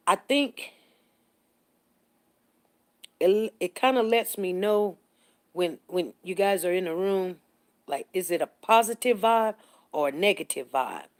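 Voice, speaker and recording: A middle-aged woman hosting a casual morning live stream, chatting with viewers, greeting them by name and telling stories in an animated way. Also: lowish voice. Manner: animated storytelling, voices others in the story.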